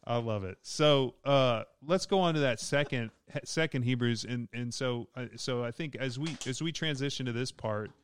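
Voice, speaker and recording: A man's voice: mid-range voice, moderate pace, few pauses, clean tone, no room sound. A man with a Southern US accent, a pastor talking through Bible verses in an easygoing, joking podcast chat. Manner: easygoing, joking, laughs often. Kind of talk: casual podcast Bible discussion.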